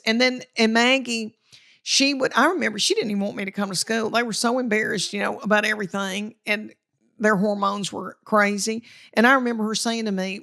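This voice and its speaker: Middle-aged Southern comedienne, folksy storyteller, bit of vocal fry, mid-pitched. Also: female voice, fairly quick. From Tennessee. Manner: folksy, animated, acts out family quotes. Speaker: comedian guest. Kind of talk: storytelling interview chat.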